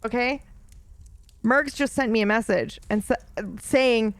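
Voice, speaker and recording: A woman's voice: a little high, measured pace, smooth, no echo. A young woman streaming a story game, chatting casually with her viewers and reading the game's text aloud, laughing often. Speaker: let's play streamer.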